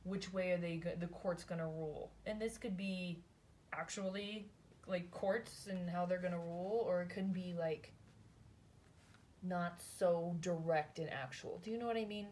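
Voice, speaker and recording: A woman's voice: fairly low pitch, steady tone, normal speed, a little mellow, a little hiss or hum. A woman giving a casual tarot reading, thinking aloud in a chatty, rambling way, often adding "like" and "right?". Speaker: tarot reader.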